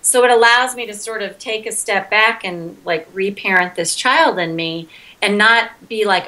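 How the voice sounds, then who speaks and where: A woman's voice: medium pitch, normal speed, sharp tone, rough recording. A middle-aged woman as an interview guest, talking earnestly and candidly and acting out her own outbursts. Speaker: interview guest, EFT practitioner.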